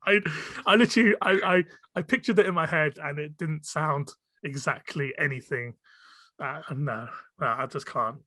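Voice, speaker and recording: A man with a British accent hosting a podcast, chatting quickly, laughing often and repeating words when excited. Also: on the high side, no room sound. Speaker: podcast host. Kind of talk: casual chat.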